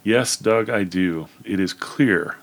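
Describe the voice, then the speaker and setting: A man reading as a calm, reassuring bishop. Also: lowish voice, slow. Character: gentle, reassuring older male bishop.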